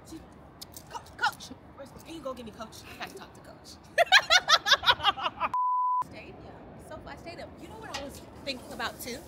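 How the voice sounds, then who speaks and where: A woman's voice: high-pitched, lively intonation, fast talker, few pauses, very noisy. A woman vlogging a stadium tour, chatting casually, laughing and doing playful trash talk. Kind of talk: casual playful vlog chat. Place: in a large open stadium. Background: music playing.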